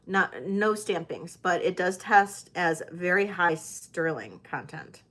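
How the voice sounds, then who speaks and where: Slow-talking woman running a live auction. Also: lowish voice, animated, a bit bright. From United States. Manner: chatty, hesitant with many fillers. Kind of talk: live-stream jewelry auction.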